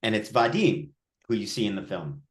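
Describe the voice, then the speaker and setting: Animated man telling a director's anecdote. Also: on the low side, moderate pace. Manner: animated, acts out quotes, frequent restarts. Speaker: film director at a Q&A. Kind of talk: casual anecdotal storytelling.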